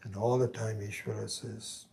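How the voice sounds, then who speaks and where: A man teaching Vedanta, telling a story in a halting way and acting out its voices. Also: on the low side, little pitch movement, vocal fry, darkish tone, a little hiss or hum. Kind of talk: spiritual lecture with storytelling.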